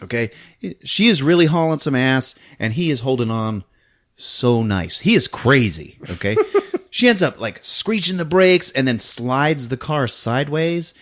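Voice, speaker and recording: Giggly, animated man retelling a movie. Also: unhurried. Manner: laughs often while retelling scenes, acts out lines in squeaky voices. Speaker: podcast host recapping a film. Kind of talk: casual movie recap chat.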